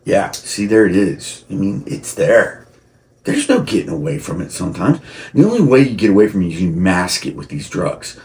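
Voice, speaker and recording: This vlogger's voice sits low and is very animated, moving at a normal speed. He rambles on camera about personal matters, restarting and repeating himself, until he builds into heated, shouted outbursts.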